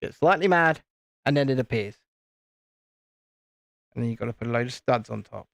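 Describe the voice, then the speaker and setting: A man's voice: mid-range voice, animated, moderate pace, creaky, fairly bright tone, no echo. A British man hosting a live stream, chatting casually and playfully with viewers while building a toy set, often stopping and restarting his sentences.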